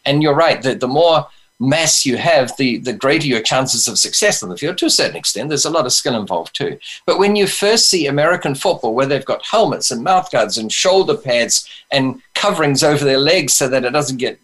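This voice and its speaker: A man, chatting casually as an interview guest in a relaxed, wry way, with frequent ums and restarts. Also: mid-range voice, brisk. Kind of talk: casual conversation.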